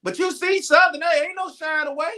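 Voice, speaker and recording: A man's voice: extremely high pitch, steady tone, fairly quick, bright, forceful tone. A man co-hosting a casual sports talk show who argues his point with skepticism. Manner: argumentative, skeptical. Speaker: co-host.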